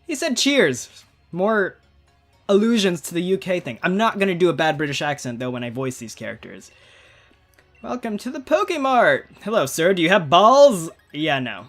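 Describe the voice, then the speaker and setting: A man's voice: high-pitched, a bit bright. A man giving casual, rambling commentary while playing a game, often breaking off and restarting his thoughts. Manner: rambling, chatty, self-interrupting. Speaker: gaming channel host. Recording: faint game music behind.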